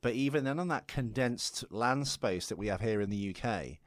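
A man from the English Midlands with a Midlands accent softened by years in London, chatting casually and jokingly as a podcast co-host. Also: medium pitch, moderate pace, no echo, studio quality. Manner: chatty, jokey, laughs often. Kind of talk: casual chat.

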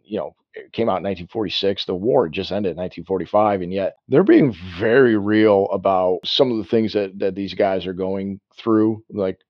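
A man's voice: low-pitched, moderate pace, hardly any pauses, no echo, muffled recording. A man co-hosting a casual film discussion, rambling and restarting sentences and acting out bits of dialogue. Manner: rambling, self-interrupting, acts out quotes. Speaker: podcast co-host.

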